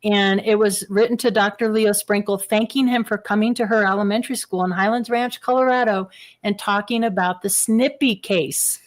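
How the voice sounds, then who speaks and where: A woman, a guest on an interview show, telling personal stories in casual talk, animated and laughing often. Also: medium pitch, moderate pace.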